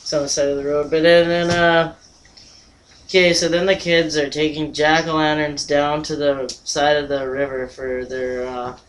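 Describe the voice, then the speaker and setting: A man's voice: fairly high pitch, level tone, normal speed, a bit bright, rough recording. A young man co-hosting a casual movie review chat, swearing loosely and trailing off with fillers as he recaps a plot. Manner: loose and profane, hesitant with fillers.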